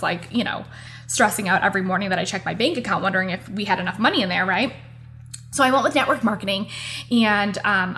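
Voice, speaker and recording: A woman's voice: mid-range voice, fairly bright tone. A woman, hosting her own podcast in a chatty, upbeat way, often tossing in "like" and "right?". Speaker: podcast host. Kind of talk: casual solo podcast talk.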